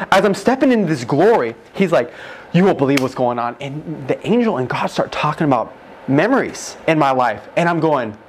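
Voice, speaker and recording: Excitable young man, slightly high voice. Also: a little hiss or hum. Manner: excited, rushed, fills speech with "like". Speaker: guest telling his near-death story. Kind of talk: emotional testimony in a conversation. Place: room with other men holding mics. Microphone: handheld mic.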